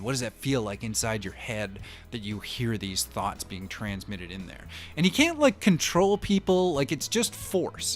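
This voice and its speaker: Swearing, rambling man with a low voice. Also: fairly bright tone. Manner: rambling, heavy swearing, self-interrupting. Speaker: host. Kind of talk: casual comic-book monologue.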